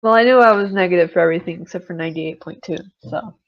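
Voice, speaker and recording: A woman's voice: lowish voice, very fast, muffled recording. A woman playing a tabletop game, chatting casually and laughing while narrating her character. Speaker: player. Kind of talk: casual tabletop role-play.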